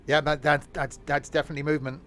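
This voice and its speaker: A man's voice: fairly high pitch, little pitch movement, quick pace, fairly bright tone, a little hiss or hum. A man giving live gameplay commentary as a streamer, rambling and joking to himself as he plays. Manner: rambling, jokey talking to himself. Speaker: game streamer.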